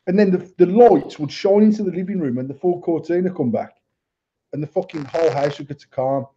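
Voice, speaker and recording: A man's voice: fairly high pitch, a little fast, warm tone, breathy edge. A man, co-hosting a podcast and telling a rambling family anecdote in casual, sweary chat. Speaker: podcast co-host. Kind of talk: casual storytelling. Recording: dull lo-fi audio.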